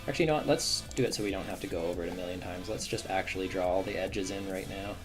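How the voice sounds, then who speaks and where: A man streaming live as a game developer, chatting casually and thinking aloud as he works, with lots of fillers and restarts. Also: rapid-fire. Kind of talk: casual livestream commentary while working. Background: faint drum and bass music.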